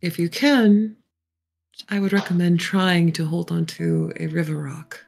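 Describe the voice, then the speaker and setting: Low creaky woman doing her character, calm earnest talk, soft music behind. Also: measured pace. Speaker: tabletop role-play player. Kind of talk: in-character role-play dialogue.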